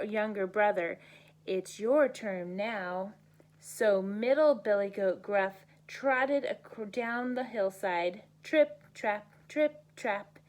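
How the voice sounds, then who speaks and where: A woman teacher reading a bedtime story aloud to children, gentle and unhurried, sounding out the story's noises. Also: medium pitch.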